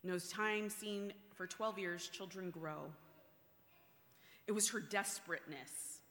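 A woman preaching a sermon, animated with playful asides, then hushed and earnest. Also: medium pitch, slow. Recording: long hall reverb.

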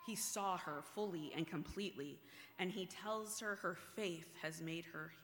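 A woman preaching a sermon, animated with playful asides, then hushed and earnest. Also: fairly low pitch, unhurried. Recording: long hall reverb.

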